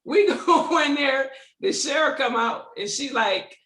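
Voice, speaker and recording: A woman from Detroit with a Detroit accent, hosting and telling a story in casual chat over a video call, animated and laughing as she acts out what people said. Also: sits high, unhurried, reverberant. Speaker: host.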